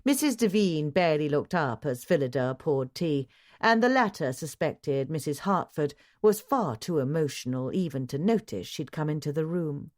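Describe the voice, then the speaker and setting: Low-voiced woman narrating a mystery. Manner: measured, even storytelling. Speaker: audiobook narrator. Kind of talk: scripted narration.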